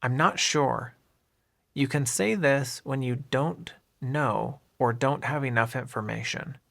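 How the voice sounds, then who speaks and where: A man with a gravelly, creaky edge to his mid-pitched voice leads an English lesson. He speaks clearly and deliberately, modelling each phrase and pointing out how the words run together. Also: a bit bright. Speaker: English teacher. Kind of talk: scripted lesson narration.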